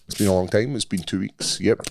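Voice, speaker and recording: A Scottish man co-hosting a podcast, telling stories in an animated, swearing way. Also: on the low side, brisk, gravelly. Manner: animated storyteller, swears freely. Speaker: podcast co-host. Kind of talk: casual chat.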